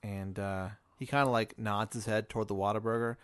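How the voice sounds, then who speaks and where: A man hosting, spinning a deadpan improvised hypothetical in a laid-back way. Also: lowish voice, a little fast, clean tone, dry recording, clean studio sound. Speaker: host.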